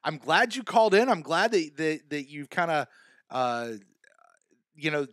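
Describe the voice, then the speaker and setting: A man's voice: a little high, very animated, unhurried, fairly bright tone, no room sound. A man hosting a live call-in show, chatting loosely and stumbling into restarts as he goes. His voice sits a little above the usual male range. It sounds close and dry, with no room around it. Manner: casual, chatty, hesitant restarts. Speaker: podcast host. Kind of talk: live call-in podcast chat.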